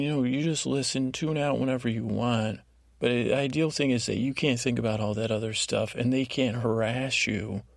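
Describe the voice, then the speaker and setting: A man hosting a podcast, talking in a meandering bedtime monologue with a lulling, drowsy tone and many halting restarts. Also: medium pitch, creaky, no room sound, clean studio sound. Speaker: podcast host.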